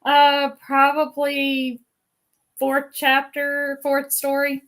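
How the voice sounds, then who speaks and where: A woman's voice: high voice, monotone, drawn-out words, a bit bright. A woman guest on a video call giving brief, shy, giggly answers. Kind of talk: casual chat.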